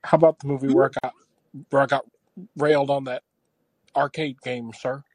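A man playing a quiet, prim actress calling in, murmuring low and polite. It is an improvised comedy bit. Each line ends on a courteous "sir", set against a dry close mic. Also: little pitch movement, normal speed, no room sound, natural voice, low-quality recording. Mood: prim, hushed. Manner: hushed, politely insistent, keeps adding "sir". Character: soft-spoken actress caller, prim and polite, says "sir".

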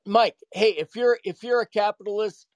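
A man's voice: sits high, moderate pace, no room sound. A man calling in to a podcast and arguing with the host. He talks in a casual, slangy way and keeps cutting in. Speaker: caller. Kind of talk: heated call-in argument.

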